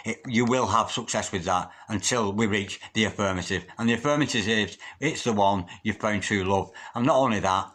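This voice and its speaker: Low-voiced man giving a tarot reading. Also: moderate pace, bright, forceful tone. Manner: emotional and effusive, repeats chanted invocations. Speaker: tarot reader. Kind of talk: solo tarot reading to camera.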